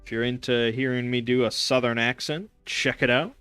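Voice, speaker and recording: A young man rambles through a casual stream chat with a sarcastic edge, tripping over fillers and restarts. His voice is bright and crisp, recorded close and dry, with faint music underneath. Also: medium pitch, fairly even intonation, normal speed. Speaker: streamer hosting a gaming chat show.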